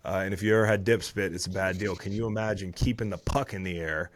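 A man's voice: low-pitched, fairly even intonation, quick pace. A man in his thirties, a former football player hosting a podcast, recapping the week's games in casual chat with swearing and rambling asides.

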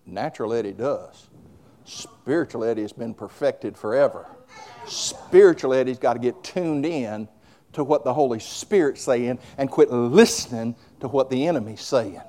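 A man's voice: mid-range voice, a little mellow. A male preacher delivering a fervent sermon, moving between conversational asides and hollered declarations.

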